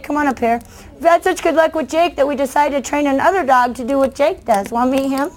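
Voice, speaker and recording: A middle-aged woman from the United States gives an animated storytelling talk, her voice sitting slightly high. She slips into the voices of children and adults as she goes, keeping the room with her. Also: fast, a little hiss or hum. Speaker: children's book author giving a talk. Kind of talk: lively storytelling speech to an audience.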